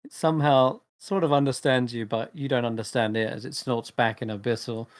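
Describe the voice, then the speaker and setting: A man's voice: medium pitch, fairly even intonation, a little fast. Chuckling man narrating a tabletop game. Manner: loose, chuckling narration with fillers. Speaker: dungeon master.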